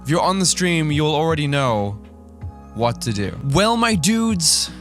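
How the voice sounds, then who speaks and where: A man's voice: a little high, animated, unhurried, fairly bright tone, soft background music. A man hosting a reaction vlog, ranting animatedly and swearing. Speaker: YouTuber.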